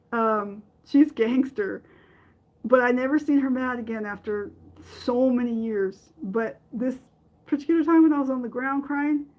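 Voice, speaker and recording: A middle-aged woman hosting a podcast, telling a personal story in a halting way with many fillers and restarts. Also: on the high side, darkish tone, low-quality recording. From from another country. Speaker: podcast host.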